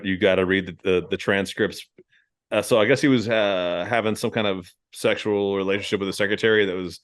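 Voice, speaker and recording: A man hosting a podcast in casual chat, profane, rambling and laughing often. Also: on the low side. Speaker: podcast host.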